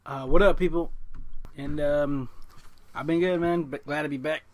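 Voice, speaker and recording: A man joins a podcast as a guest and keeps his replies short and relaxed. His voice sits a little higher than most men's. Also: normal speed. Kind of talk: casual chat.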